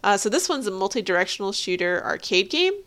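Woman, podcast co-host, mid pitch, chatty trivia delivery with light laughs. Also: very animated, fast, fairly bright tone. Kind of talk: casual episode review chat.

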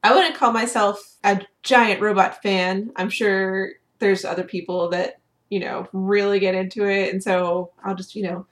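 A woman co-hosting a podcast in casual chat. She is upbeat, laughs often and throws in quick asides. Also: mid-range voice, fairly even intonation. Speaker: podcast co-host.

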